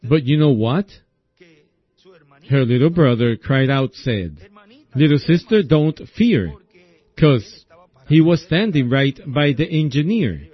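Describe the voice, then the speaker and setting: Slow folksy preacher man, lo-fi recording. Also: medium pitch, lively intonation, slightly rough. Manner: slow folksy storytelling, keeps asking "see?". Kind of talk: sermon. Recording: dull lo-fi recording.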